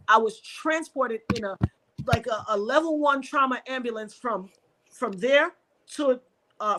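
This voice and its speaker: Woman, podcast guest, emotional storytelling, animated, reenacts dialogue, slightly high voice. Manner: animated, reenacts dialogue with sharp pitch jumps.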